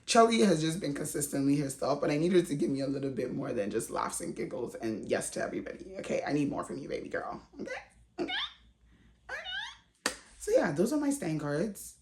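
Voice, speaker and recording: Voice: mid-range voice, sing-song, fast, a little mellow. A reality TV recap vlogger talking in a casual, slangy, chatty way with frequent laughs. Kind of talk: casual commentary.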